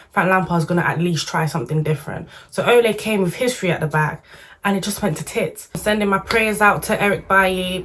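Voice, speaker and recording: Chatty woman vlogging football. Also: fairly low pitch. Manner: animated, chatty, slangy, opinionated. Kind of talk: casual football commentary to camera.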